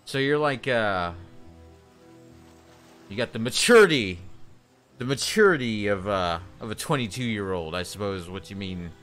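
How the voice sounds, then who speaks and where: A man's voice: on the low side, lively intonation, a little slow, long pauses, fairly bright tone, soft background music. A man streaming a video game, chatting casually with viewers in a hesitant, rambling way. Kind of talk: casual live-stream chat.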